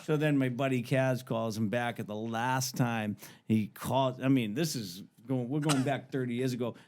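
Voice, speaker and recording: A man's voice: mid-range voice, normal speed, a little mellow, slight background noise. A man, telling stories casually on a podcast, swearing freely and mimicking voices. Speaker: podcast guest. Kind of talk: casual storytelling.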